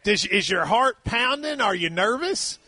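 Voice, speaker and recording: Lively high-voiced radio host. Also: male voice, unhurried, husky, dry recording. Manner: folksy, encouraging, asks questions. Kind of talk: sports radio interview.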